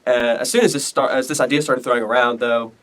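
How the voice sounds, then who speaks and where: A teenage student presenter casually explaining history in a loose, rambling, slangy way. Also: male voice, medium pitch, fairly even intonation, fast, fairly bright tone, far from the mic.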